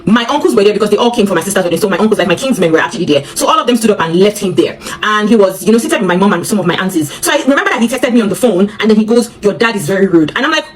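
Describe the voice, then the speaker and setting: A Nigerian woman rapidly retelling a personal story, acting out the dialogue. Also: medium pitch, expressive.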